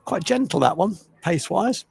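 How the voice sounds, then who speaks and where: An older man giving chatty, opinionated live cricket commentary, with a gravelly voice. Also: high-pitched, very animated, normal speed. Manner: chatty, opinionated, self-deprecating.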